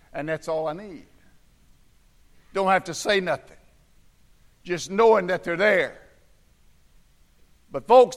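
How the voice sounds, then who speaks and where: A man preaching a sermon in church, swinging from hushed, low tones to shouted fervor.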